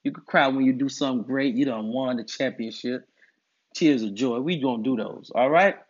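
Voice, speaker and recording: A man with a mid-range voice talks at a moderate pace in a monologue addressed to the camera. He's a commentator on masculinity, and his delivery is forceful and preachy, with frequent repetition. The recording has a dull, lo-fi quality.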